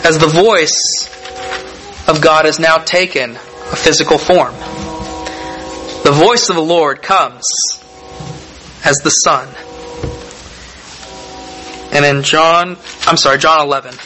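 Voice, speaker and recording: A man preaching a sermon, reading scripture aloud and explaining it in a measured, deliberate way with emphatic pauses. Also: fairly high pitch, pushed and bright, faint music behind, poor audio.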